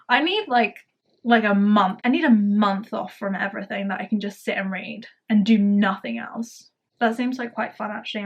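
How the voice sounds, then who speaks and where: A woman's voice: medium pitch, fairly bright tone, lo-fi sound. A woman chatting casually to camera as a book vlogger, gushing and rambling with lots of "like".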